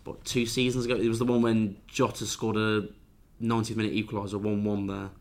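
A football reporter speaks in a low, flat voice, quickly but haltingly. His casual chat is hesitant and full of ums, fillers, and restarts.

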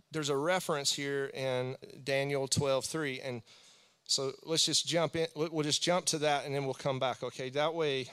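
Bright, smooth-voiced chatty preacher man. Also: on the high side. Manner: chatty, rambling, jokey with acted asides. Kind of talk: casual sermon.

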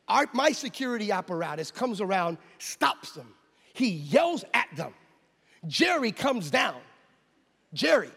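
An American pastor tells a dramatic story from the pulpit, acting out scenes and shouting out the exclamations. His voice sits high and swings widely in pitch. The sound rings with a long reverb from a large hall. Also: gravelly, husky. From United States. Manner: animated, acts out scenes and voices, loud exclamations. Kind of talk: storytelling sermon.

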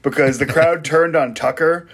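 A man's voice: on the high side, fairly even intonation, normal speed, slightly rough. A man co-hosting a podcast, joking and swearing about baseball while he eats. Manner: joking, swearing, laughs often. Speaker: podcast co-host. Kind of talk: casual sports chat.

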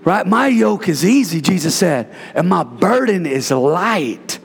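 Man, pastor, lively sermon, high voice, gravelly edge, echoing hall. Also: unhurried, a little hiss or hum. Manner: playful, call-and-response, bursts into shouts. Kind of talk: energetic sermon. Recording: reverberant hall.

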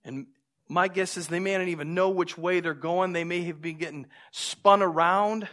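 A man preaching a sermon, telling stories with lively, acted-out moments and drawing lessons from scripture. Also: high-pitched, moderate pace. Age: adult with a young son. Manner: animated storytelling, acts out scenes. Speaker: pastor.

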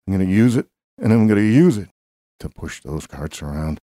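A man playing a simple jobless drifter, dark, animated voice with pitch jumping up high, repeats himself, dry close recording. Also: brisk, dry recording. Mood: determined. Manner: rambling, childlike, repeats himself. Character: simple, eager jobless drifter man who owns a mule. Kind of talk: improvised comedy bit.

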